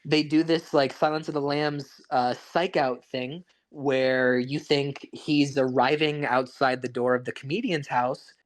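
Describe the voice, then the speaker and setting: A man's voice: mid-range voice, steady tone, a little slow, hardly any pauses. A man co-hosting a podcast, chatting casually about movies, rambling with frequent restarts. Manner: rambling, restarts often, laughs along. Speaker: podcast co-host. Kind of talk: casual film chat.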